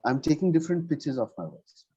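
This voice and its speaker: A man's voice: on the high side, big pitch swings, fairly quick, mellow, breathy edge, no echo, lo-fi sound. A man giving a one-on-one English lesson over a video call, explaining patiently and checking in with "right?" after nearly every point. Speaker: English tutor.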